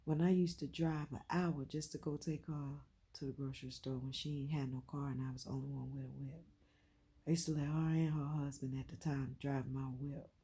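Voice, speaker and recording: A vlogger with a low, husky voice speaks from the heart in an emotional personal vlog. Her delivery is flat and brisk, yet she swings from quiet to loud and emphatic and keeps repeating phrases.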